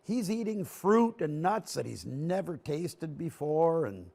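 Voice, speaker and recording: A man's voice: fairly high pitch, slow pace, creaky. A man telling a story to children on a local TV show, acting out the scenes as he talks. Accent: Canadian English. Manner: animated, acts out scenes with gestures. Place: TV studio. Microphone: broadcast mic.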